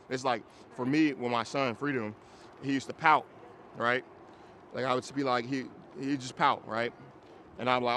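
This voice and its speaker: A man leading an outdoor dog training class, explaining casually, checking that students follow and breaking into loud, high praise for the dog. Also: steady tone, moderate pace, a little hiss or hum. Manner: casual, explains with repeated checks like "you get what I'm saying". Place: outdoors in a city.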